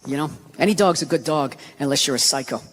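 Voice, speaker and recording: A male stand-up comedian on stage, ranting and swearing with sudden shouted bursts. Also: fairly high pitch, quick pace. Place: large comedy venue on stage. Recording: live hall with loud audience. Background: audience laughter.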